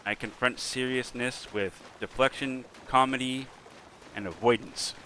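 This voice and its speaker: A man's voice: medium pitch, steady tone, unhurried, bright, forceful tone, a little hiss or hum. A middle-aged man streaming, chatting casually as he plays and joking and teasing as he goes. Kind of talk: casual chat while playing.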